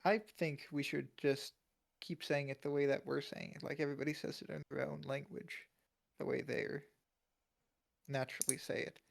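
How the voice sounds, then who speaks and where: A man's voice: on the high side, flat delivery, normal speed, vocal fry. A young man co-hosting a podcast in casual chat, rambling with lots of fillers and laughing often. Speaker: podcast co-host.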